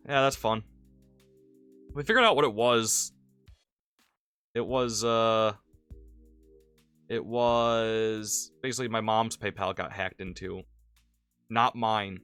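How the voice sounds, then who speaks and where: A man's voice: fairly low pitch, fairly bright tone, clean tone, dry recording. A man streaming a game and chatting casually, rambling with restarts and frequent cursing. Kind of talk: casual gaming stream commentary.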